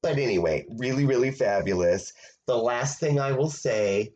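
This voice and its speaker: A man's voice: medium pitch, lively intonation, moderate pace, a little mellow. A man hosting a casual commentary, talking in a sarcastic, mocking way and laughing often. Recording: dull lo-fi sound.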